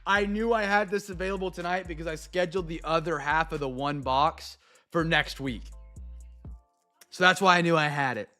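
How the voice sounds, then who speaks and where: A young man hosting a live card break, chatting to viewers and going off on excitable, rambling sports rants. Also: fairly high pitch, normal speed, faint music behind.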